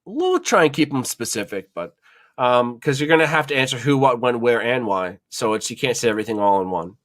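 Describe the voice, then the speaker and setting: A man's voice: medium pitch, animated, fairly quick, a bit bright. A man hosting a podcast, telling a kitchen story in a loose, rambling way full of swearing and fillers. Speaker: podcast host. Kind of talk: casual storytelling chat.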